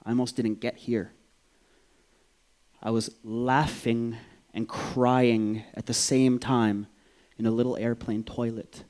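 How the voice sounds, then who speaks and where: A man, from Vancouver, telling a personal story on stage in an animated, profane way, acting out the voices. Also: medium pitch, slow, long pauses. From Vancouver, Canada.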